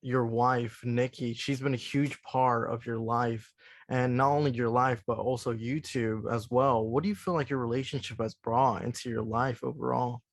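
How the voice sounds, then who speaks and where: A man's voice: mid-range voice, fairly even intonation, moderate pace, no echo. A man co-hosting a podcast, asking questions and reacting with short, affirming comments. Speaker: podcast co-host. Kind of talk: casual podcast chat.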